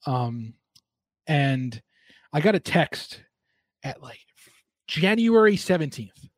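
A man's voice: a little high, big pitch swings, slow pace, no echo. A young man, a sports broadcaster, chatting casually and retelling a story with lots of fillers.

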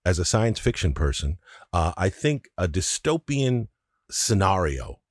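A man's voice: low voice, sing-song, unhurried, dry recording, clean studio sound. A man co-hosting a podcast, explaining his views thoughtfully with everyday analogies and casual swearing. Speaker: podcast co-host.

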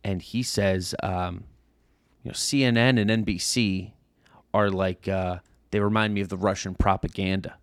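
Sitting low in pitch, the voice belongs to a man in his thirties who co-hosts a podcast, recorded dry with clean studio sound. He's an animated storyteller, voicing the overheard people in his casual tale.

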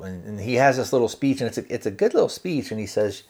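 A man's voice: mid-range voice, fast talker, hardly any pauses. A man hosting a podcast, loosely retelling a film's scenes and quoting the characters in his own voice, with plenty of kinda and you know. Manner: relaxed, hedging with fillers like kinda and you know. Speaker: podcast host reviewing a film. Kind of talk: casual spoken movie recap.

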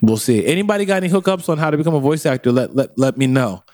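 A man co-hosting a podcast, chatty and animated. His pitch moves around a lot, and his voice sits slightly high for a man. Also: rapid-fire. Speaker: podcast co-host. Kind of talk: casual chat.

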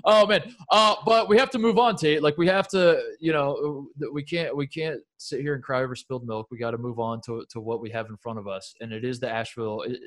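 A man's voice: mid-range voice, fairly even intonation, brisk, few pauses, fairly bright tone. A man co-hosting a podcast in casual chat, upbeat and laughing often as he talks. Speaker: podcast co-host.

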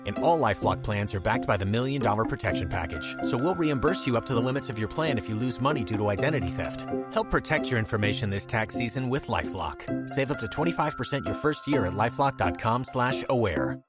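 A man reading a scripted ad in a brisk, polished sales pitch. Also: expressive. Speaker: ad announcer. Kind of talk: scripted radio ad read. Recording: ad with loud music bed.

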